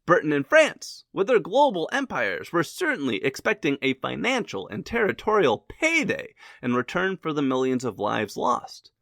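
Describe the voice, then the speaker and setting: A man narrating a history lesson from a script in a lively, wisecracking way. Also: fairly high pitch, moderate pace, creaky, few pauses, dry recording, studio quality.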